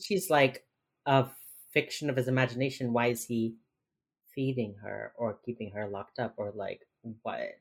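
A woman with an unusually low-pitched voice chats casually as a podcast co-host. She rambles with lots of fillers, swears freely and slips into acted-out quotes. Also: steady tone, moderate pace. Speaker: podcast co-host recapping a TV episode. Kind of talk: casual chat.

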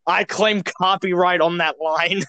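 A man's voice: high-pitched, fairly even intonation, unhurried, pushed and bright, no room sound, lo-fi sound. A young man co-hosting a podcast, casual and crude, rambling and playful. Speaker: podcast co-host. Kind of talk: casual chat.

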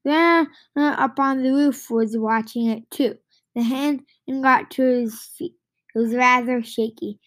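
Slow, halting woman reading a children's book. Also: high-pitched, fairly bright tone, dry recording. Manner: halting, with many restarts and stumbles. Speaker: reader.

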